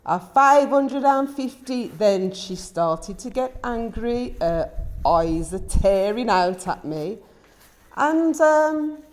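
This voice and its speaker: Slow-talking English woman vlogger. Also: mid-range voice. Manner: animated, indignant retelling with quoted dialogue. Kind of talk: casual storytelling vlog.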